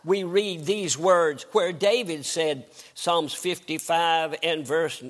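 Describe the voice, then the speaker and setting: An older man, preaching a sermon in a folksy, storytelling way with dramatic swings in pitch. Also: slow pace. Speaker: guest preacher.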